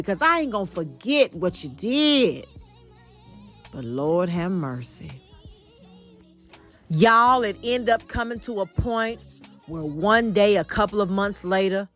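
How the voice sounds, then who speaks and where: A woman home vlogger telling a storytime tale, animated and addressing viewers directly. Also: medium pitch. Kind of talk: storytime vlog.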